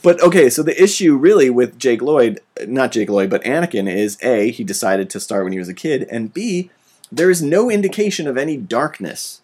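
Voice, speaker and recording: A man's voice: medium pitch, expressive, normal speed, darkish tone, husky. A man hosting a casual podcast chat, ranting animatedly and swearing freely.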